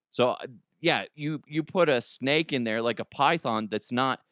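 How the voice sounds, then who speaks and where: A man's voice: mid-range voice, fairly bright tone, clear, resonant tone, no echo, clean studio sound. An American man in his thirties hosting a comedy news show, chatting casually, swearing and laughing at his own jokes. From United States.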